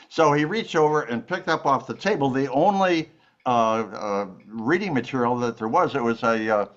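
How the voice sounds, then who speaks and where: A man's voice: medium pitch, dull audio. Older man telling jokes animatedly. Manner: animated joke-telling with laughs and fillers. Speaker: comedy show host.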